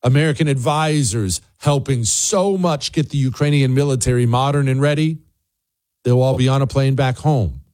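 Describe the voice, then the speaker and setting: A middle-aged man hosting a political opinion monologue, emphatic and animated and repeating points for effect. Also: mid-range voice, normal speed, no room sound. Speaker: political commentary host.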